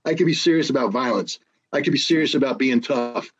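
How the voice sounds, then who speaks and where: Emphatic man, husky voice. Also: mid-range voice, quick pace, highs cut off. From United States. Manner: emphatic storyteller, frequent restarts and laughs. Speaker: guest, former weapons inspector. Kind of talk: casual conversation.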